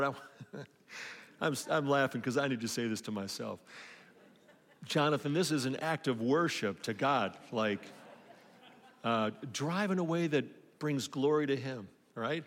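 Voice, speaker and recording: A pastor giving a conversational sermon that often restarts its phrases, then leading a closing prayer. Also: male voice, mid-range voice, a little slow, long pauses, a bit bright. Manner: conversational preaching with repeated restarts. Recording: long reverb of a hall.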